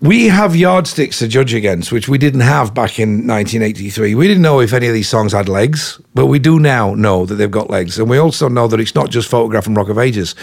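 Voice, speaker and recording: Gravelly English man telling rock stories. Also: medium pitch, a little fast, hardly any pauses. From England. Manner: chatty, animated anecdotes full of "you know". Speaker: rock musician guest. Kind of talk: casual interview storytelling.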